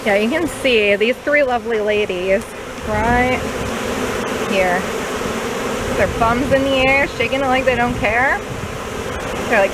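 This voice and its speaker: A woman's voice: on the high side, a little slow, long pauses, heavy background noise. Chatty woman beekeeper outdoors. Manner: chatty, upbeat, uses many fillers. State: out of breath. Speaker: new beekeeper. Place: outdoors by beehives.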